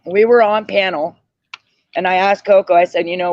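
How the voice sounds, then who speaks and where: A man's voice: high-pitched, steady tone, moderate pace, no room sound. A tired man on a livestream panel, rambling through a gossip story and often circling back to retell what others said. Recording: dull lo-fi dry audio.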